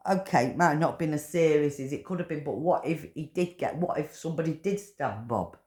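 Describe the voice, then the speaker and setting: A woman delivering an angry, profane rant, swearing and shouting in bursts. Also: low voice, fairly quick. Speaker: political commentator. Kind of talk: angry ranting monologue.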